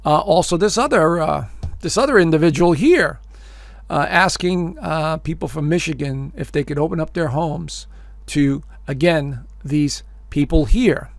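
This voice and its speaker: A gravelly-voiced man, pitched a touch high, talks straight to his audience in a casual, emphatic commentary, calling them folks and leaning on fillers and repeated phrases. The sound is dry and close, with no room around it. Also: normal speed, dry recording. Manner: emphatic, addresses listeners as folks. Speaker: astrologer hosting his own video show.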